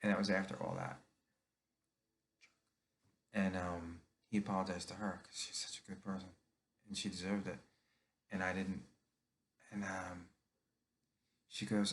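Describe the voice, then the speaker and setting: A man's voice: low-pitched, flat delivery, unhurried, long pauses. A middle-aged man from New Jersey telling his own story in a candid, confessional monologue.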